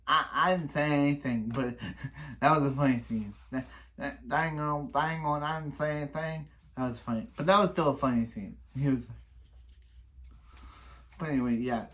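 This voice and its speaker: Rambling man recapping an episode. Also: medium pitch. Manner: rambling with many restarts and repeated phrases; exasperated complaining. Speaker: reaction video host.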